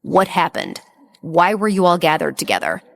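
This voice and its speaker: A woman's voice: fairly low pitch, big pitch swings, moderate pace. A woman reading the lines of a blunt, teasing male executive in an audiobook. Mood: stern. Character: cocky flirtatious male executive boss.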